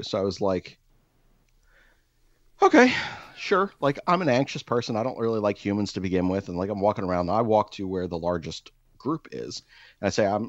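A man's voice: low-pitched, no room sound, highs cut off. A man telling a comic anecdote in a rambling, self-deprecating way, jumping into exaggerated voices for the people he quotes.

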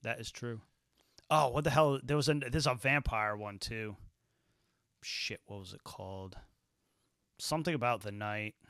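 A man hosting a podcast in casual chat, swearing freely and acting out scenes with quick quoted voices. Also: medium pitch, a bit bright, clean tone, no room sound, clean studio sound. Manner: profane, rambling, acts out scenes in quotes. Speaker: podcast host.

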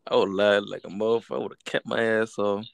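A man co-hosting a casual chat, reacting loudly with laughter and swearing. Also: on the low side, fairly even intonation, fast talker, creaky, no room sound.

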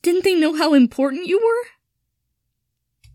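A woman's voice: a little high, level tone, normal speed, mellow, no echo, studio quality, natural voice. A woman reading the lines of a proud, emotional young man who speaks tearfully and pleadingly.

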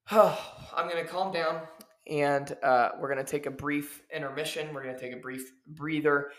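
A man with a slightly high, steady, fairly bright voice speaks a little slowly on his own ranting podcast. He's a professional wrestler who lectures in a heated, preachy way, hammering his points again and again. The room is echoey.

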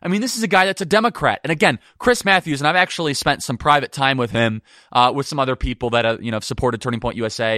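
A man's voice: fairly high pitch, pushed and bright, no room sound, studio quality. Emphatic man hosting a political talk show. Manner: emphatic, quick and combative. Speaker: podcast host. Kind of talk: opinionated political commentary.

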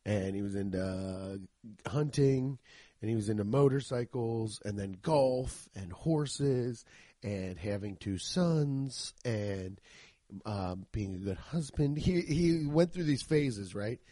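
A man's voice: fairly low pitch, expressive, takes it slowly, mellow, dry recording, studio quality. A young man from the Cincinnati area hosting a podcast, rambling and joking with plenty of profanity. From Cincinnati area, Ohio. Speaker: podcast host. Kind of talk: casual comedic podcast monologue.

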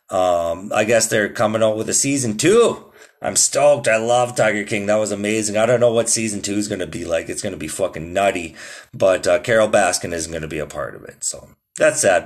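A man hosting his own podcast in loose, rambling casual chat, swearing a lot and calling listeners "dude". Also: fairly low pitch. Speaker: podcast host.

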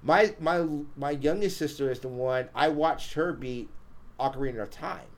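A man's voice: medium pitch, normal speed. Rambling male podcast host. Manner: rambling, many restarts and fillers. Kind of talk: casual podcast chat.

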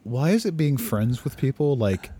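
A man chatting on a podcast, teasing his cohost with quick interjections. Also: medium pitch, lively intonation, warm tone, breathy edge. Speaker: podcast co-host. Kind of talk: casual chat.

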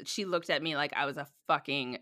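A woman's voice: sits low, fairly quick, bright, forceful tone, no room sound, clean studio sound. A woman in her thirties co-hosting a podcast, chatting and laughing expressively. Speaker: podcast co-host. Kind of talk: casual chat.

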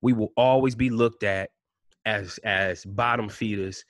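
A man's voice: lowish voice, steady tone, a little slow, no room sound, studio quality. A man giving a blunt, impassioned monologue as a podcast host, full of cussing and rhetorical questions.

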